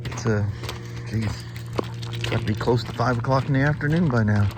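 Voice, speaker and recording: A man's voice: mid-range voice, moderate pace, noisy background. Folksy man vlogging outdoors. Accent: Pacific Northwest American. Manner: folksy, chatty, rambling. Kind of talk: casual vlog chat. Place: outdoors, rural road and creek. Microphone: wireless clip-on mic.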